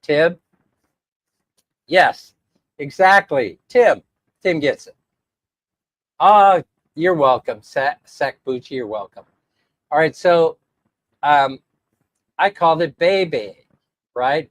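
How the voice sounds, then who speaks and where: A man's voice: a little high, lively intonation, takes it slowly, pauses often, fairly bright tone, no echo. Chatty man on a dry mic. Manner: chatty, rambling, laughs often. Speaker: vlogger reading live chat. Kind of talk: casual livestream chat.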